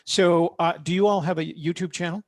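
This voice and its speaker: Man on a video call, gravelly, pitched a little high, halting pitch-style delivery, dry sound. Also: steady tone, a little mellow, no echo. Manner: salesy, halting with many fillers. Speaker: panel attendee offering live-stream production. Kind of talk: casual online panel chat. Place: home studio.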